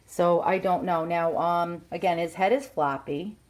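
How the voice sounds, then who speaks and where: A woman's voice: lowish voice, a little slow, a little mellow. A woman with a New York accent chatting casually while showing a vintage teddy bear, hesitant and full of fillers, filming on a handheld phone. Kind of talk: casual show-and-tell vlog. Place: outdoors, then indoors at home.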